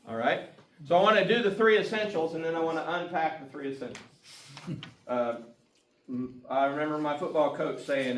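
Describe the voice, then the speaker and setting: A man's voice: a little high, slight background noise. A man giving a casual, folksy community talk as a guest speaker, often chuckling between points. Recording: echoey room, mic far off, guitar music.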